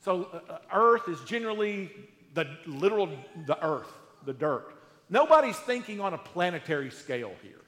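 High-voiced pastor preaching in an echoey hall. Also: male voice, moderate pace. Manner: conversational, animated, asks the congregation questions. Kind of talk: sermon. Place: church hall with live congregation. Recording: echoey hall, roomy reverb.

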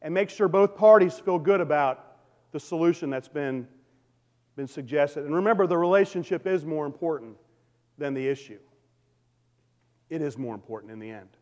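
A man's voice: fairly high pitch, normal speed, pauses often, darkish tone, lo-fi sound. A man preaching a sermon, talking conversationally and calling out to his congregation. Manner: conversational preaching with audience call-outs. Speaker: pastor. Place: church sanctuary. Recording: long reverb of a hall.

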